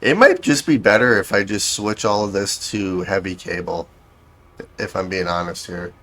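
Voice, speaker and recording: A game streamer, a man, offers casual commentary as he builds, thinking out loud in a dry, sarcastic way and correcting himself as he goes. His voice is low and a bit bright, and he talks at a moderate pace.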